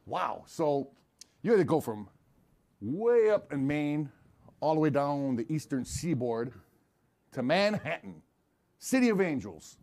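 A man's voice: on the high side, very animated, unhurried, pauses often, darkish tone. A man playing a lawyer in an improvised mock courtroom comedy, crude and mocking, questioning with theatrical flair.

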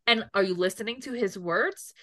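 A woman's voice: mid-range voice, normal speed, fairly bright tone, no room sound, studio quality. A woman co-hosting a casual chat, gushing and rambling with lots of fillers. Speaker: co-host.

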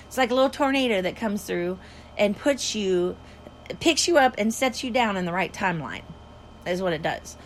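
Rambling, animated woman vlogger. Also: medium pitch, a little hiss or hum. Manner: rambling, animated, laughs often. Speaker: spiritual vlogger. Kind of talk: casual monologue to viewers. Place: alone indoors.

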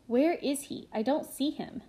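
A woman's voice: high-pitched, unhurried, mellow, voice pushed up. A woman reading as a chirpy teen girl. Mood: curious. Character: cheerful teenage girl, bright and curious.

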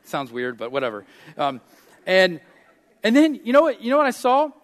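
A man preaching a sermon as pastor, telling stories with lively swings between loud and soft. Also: high voice, moderate pace.

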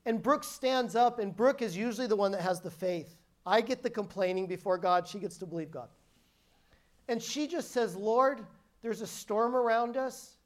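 A woman's voice: medium pitch, expressive, normal speed. A woman preacher giving a sermon as a personal testimony, telling her story emphatically and often restarting her sentences.

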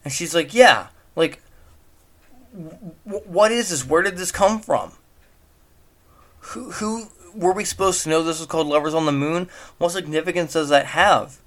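A man's voice: a little high, normal speed, fairly bright tone. A man giving casual spoken commentary on a movie at home, mocking it with incredulous rhetorical questions. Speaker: movie reviewer. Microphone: home recording.

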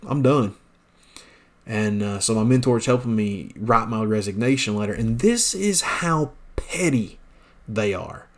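A man's voice: on the low side, lively intonation, measured pace. A man telling a personal story on his podcast, blunt and plainspoken, with many fillers and restarts. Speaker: podcast host, pastor.

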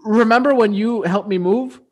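A man's voice: high voice, moderate pace, crowd noise. A man hosting a casual podcast with friends, joking and laughing often. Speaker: podcast host. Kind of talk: casual chat among friends.

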